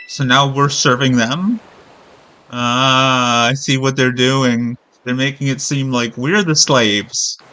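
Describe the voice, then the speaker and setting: A man's voice: mid-range voice, slow, pushed and bright, poor audio. A man streaming a video game, rambling in casual commentary with sarcastic jokes and frequent swearing.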